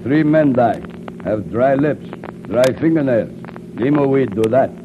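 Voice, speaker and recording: A man voices a devoted jungle companion who speaks in terse broken English. It is 1940s radio acting with a mid-pitched voice. The old recording is muffled and carries a faint hiss. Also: animated, measured pace, close to an everyday voice. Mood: earnest. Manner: clipped broken-English phrases.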